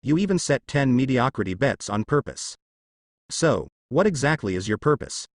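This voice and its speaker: A man's synthetic voice playing a boastful, domineering pirate captain who taunts with loud laughter. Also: mid-range voice, very animated, normal speed, no echo, studio quality. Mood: mocking. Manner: boisterous laughing, grinning taunts.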